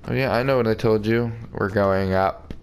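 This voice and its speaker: Male gamer, low gravelly voice, slow joking commentary, faint noise behind. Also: steady tone. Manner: joking, crude, talks back to the game. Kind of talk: casual let's play commentary.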